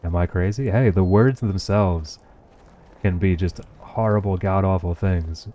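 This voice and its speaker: This low, mellow male voice moves a little slowly. He's an American with a New Jersey accent, casually talking to his viewers and reading their chat while gaming, cursing often and laughing throughout in a relaxed way.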